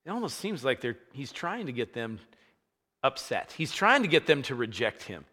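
Lively man preaching in an echoing hall. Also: mid-range voice, normal speed. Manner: animated storytelling, acting out scenes with rising energy. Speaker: pastor. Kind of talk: sermon.

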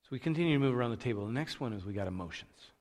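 A man preaching a conversational sermon, casual and animated, acting out the thoughts he quotes. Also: mid-range voice, very fast. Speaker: pastor. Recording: long reverb of a large hall.

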